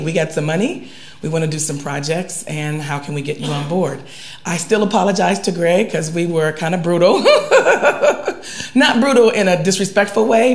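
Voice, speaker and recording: A woman professor speaking on a university seminar panel in a relaxed, earnest, conversational way. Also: low voice. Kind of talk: seminar talk. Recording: echoey room.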